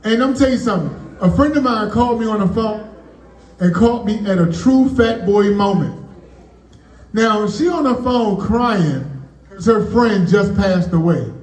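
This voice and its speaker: A man doing stand-up comedy at a party, telling stories in a loose, chatty way and tagging lines with "man.". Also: high-pitched. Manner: loose, conversational punchlines, frequent "man" tags. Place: birthday party venue. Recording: echoey room, mic from far off.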